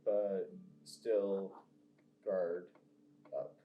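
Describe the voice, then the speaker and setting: Low-voiced man playing a tabletop game. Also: flat delivery, drawn-out words, mellow, slight background noise. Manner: formal in-character speech. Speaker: player. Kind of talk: tabletop role-play in character. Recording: dull echoey lo-fi recording with faint music.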